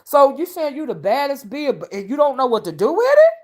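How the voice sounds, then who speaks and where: A woman's voice: high-pitched, huge pitch swings, fairly quick, darkish tone. A woman hosting a casual live-stream commentary, sassy and mocking as she rants and greets her chat. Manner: greets chat viewers mid-rant. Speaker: online commentary host.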